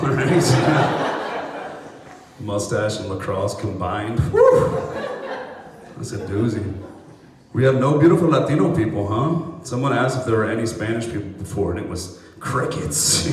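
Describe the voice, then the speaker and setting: A young American man doing a loose, crowd-working stand-up set, slipping into voices for bits. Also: on the low side. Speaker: stand-up comedian. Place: outdoor apartment complex courtyard. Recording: echoey, distant, noisy live recording.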